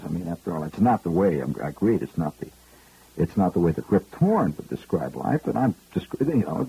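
Husky low-voiced man spinning a comic yarn. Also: mellow, no room sound, rough recording. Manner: rambling, digressive, wry. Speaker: radio monologist. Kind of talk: comic storytelling monologue.

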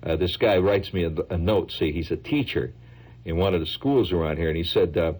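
A man hosting a radio show, rambling through a lively, musing monologue in a husky voice. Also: low-pitched, brisk. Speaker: radio host.

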